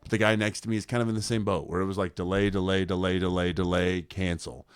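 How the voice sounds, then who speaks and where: Brief: young male podcast co-host, fairly low voice, dry close sound, loose storytelling with lots of fillers. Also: level tone, fast, clear, resonant tone, no room sound. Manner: rambling, filler-heavy storytelling with acted quotes. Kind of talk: casual storytelling chat.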